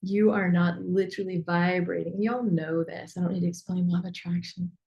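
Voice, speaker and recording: A woman business mentor teaching in a coaching session, animated and chatty, with many fillers and asides. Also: lowish voice, brisk, vocal fry, muffled recording.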